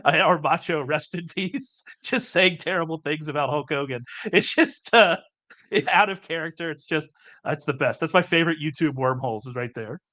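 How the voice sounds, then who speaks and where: A man's voice: a little high, normal speed, pushed and bright. A man hosting a podcast, chatting casually in an enthusiastic, talkative way. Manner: chatty, enthusiastic, laughs easily. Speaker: podcast host.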